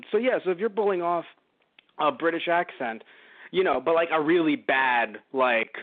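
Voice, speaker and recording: Male podcast co-host, casual rambling reviewer who swears freely; slightly high voice, dry, phone-narrow audio. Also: moderate pace, no room sound. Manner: rambling, swears a lot, animated.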